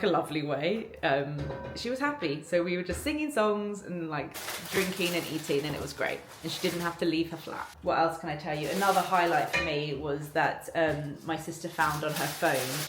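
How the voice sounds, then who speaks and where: A woman, chatting casually to camera for her vlog at home, bubbly and rambling. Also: fairly low pitch. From London. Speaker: vlogger. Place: home kitchen. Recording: echoey kitchen with background noise. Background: cooking sounds.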